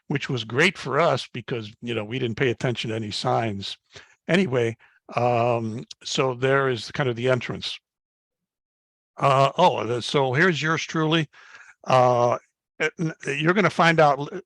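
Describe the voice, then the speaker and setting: An older man in his seventies gives a guest slide talk to an astronomy club, moving through his slides in a folksy, anecdotal way. His voice sits at a middling pitch, and his speech is full of "uh"s and little restarts. The sound is dry and close, with no room around it. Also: a bit bright, no echo. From Chicago, United States. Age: 70s. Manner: folksy storytelling with frequent fillers and restarts.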